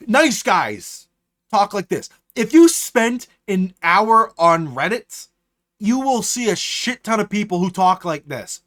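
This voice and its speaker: A man streaming live, talking casually and ranting with lots of swearing. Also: sits high. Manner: animated, profane ranting.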